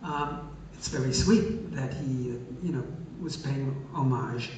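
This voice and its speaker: A man's voice: medium pitch, takes it slowly, a little mellow, slight background noise. Older man telling wry stories in an echoey hall. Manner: wry, teasing storyteller with many hesitations. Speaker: guest answering audience questions. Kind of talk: live Q&A. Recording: echoey hall, far from the mic, dull sound.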